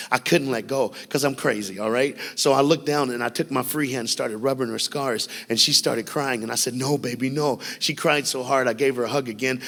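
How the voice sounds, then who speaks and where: A man's voice: mid-range voice, a bit bright. Storytelling man in a big echoing hall. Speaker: motivational speaker. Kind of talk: school assembly speech. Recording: long hall reverb with faint music.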